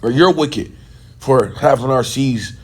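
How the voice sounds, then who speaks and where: A man's voice: medium pitch, takes it slowly, husky. Heated man teaching in loose talk. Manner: talks loosely, checks in with "right?" and "okay?"; turns heated and scornful. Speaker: religious teacher. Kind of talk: sit-down video teaching.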